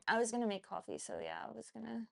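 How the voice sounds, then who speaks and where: A middle-aged woman with a hoarse voice, a chef hosting her cooking show in casual livestream chat and swearing casually. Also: fairly high pitch, huge pitch swings, fairly quick. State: hoarse, has lost her voice.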